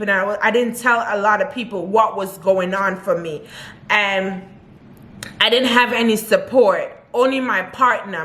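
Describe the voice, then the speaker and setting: A woman's voice: on the high side, a bit bright. A young woman vlogger talking earnestly and from the heart to her camera, often repeating her advice. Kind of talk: personal talk to camera.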